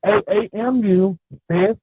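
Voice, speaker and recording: A man's voice: high-pitched, sing-song, vocal fry, husky, dry recording. Man on a tinny phone line. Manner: giving quick directions. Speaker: caller.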